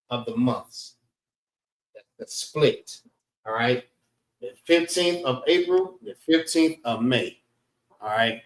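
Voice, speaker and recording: A class instructor with a mid-range male voice gives a casual spoken lecture over an online call, keeping things loose and conversational. He checks in with listeners again and again, repeatedly saying "all right." The recording is roomy and low in quality.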